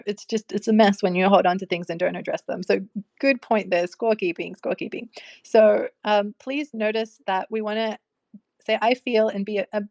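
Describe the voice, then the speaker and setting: A woman's voice: medium pitch, darkish tone, dry recording. A young woman talking casually about relationships, chatty, with many fillers and frequent laughs. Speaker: host. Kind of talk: casual advice talk.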